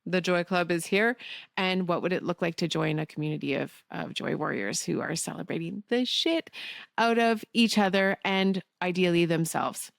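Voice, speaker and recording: A woman's voice: on the low side, moderate pace, creaky, no echo, clean studio sound. A woman hosting a solo podcast, talking candidly, swearing casually and laughing often. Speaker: podcast host.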